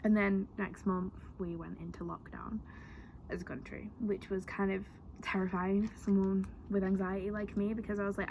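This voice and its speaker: Young woman vlogging, chatty and earnest, kinda flat delivery, bit of hiss behind. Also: mid-range voice, moderate pace. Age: young adult. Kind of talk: personal vlog storytelling.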